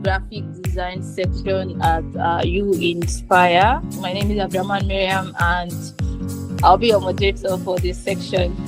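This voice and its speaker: A woman's voice: lowish voice, level tone, a little slow, music in the background. A woman moderating an online graphic design class, speaking with hesitant fillers and repeated polite requests.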